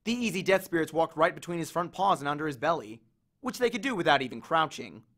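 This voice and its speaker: A man reading a novel chapter aloud with an expressive, animated delivery. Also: a little high, fast. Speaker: audiobook reader. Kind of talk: storybook reading.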